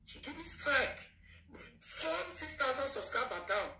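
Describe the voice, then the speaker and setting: In a played clip, a woman content creator with a Nigerian accent rants in an aggrieved way, repeating her questions. Her voice is high-pitched, expressive, pushed and bright, at a measured pace, with soft background music. The clip sounds echoey and distant, with faint noise.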